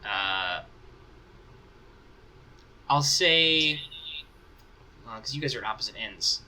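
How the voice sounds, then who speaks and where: A man's voice: fairly low pitch, expressive, takes it slowly, pushed and bright, poor audio. A man acting as game master, narrating a tabletop game in a casual, rambling way as he thinks aloud.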